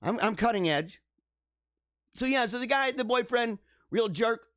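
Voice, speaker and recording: A young man hosts a casual livestream, riffing on news stories with mock outrage and frequent laughs. His voice sits high and leaps around a lot. The sound is dry and close, with no room around it. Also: expressive, measured pace, a bit bright, no room sound. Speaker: livestream host.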